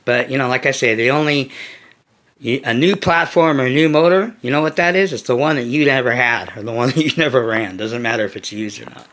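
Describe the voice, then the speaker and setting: A man hosting a hobby vlog, talking bluntly to his viewers with frequent swearing, restarts and animated asides. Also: medium pitch, a little fast. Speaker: RC car channel host. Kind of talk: casual vlog rant to viewers.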